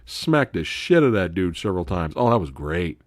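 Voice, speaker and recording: A man's voice: low-pitched, fairly quick, no room sound, studio quality. A man hosting a casual live stream, telling stories with lots of swearing and laughter. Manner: profane, animated storytelling with frequent laughter. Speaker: host.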